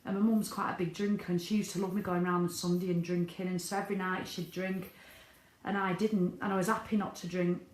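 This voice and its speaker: A woman's voice: lowish voice, little pitch movement, a little fast. Woman, middle-aged, candid diary-style vlogger, roomy echo. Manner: chatty, candid, swears freely. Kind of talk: casual video diary. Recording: echoey room.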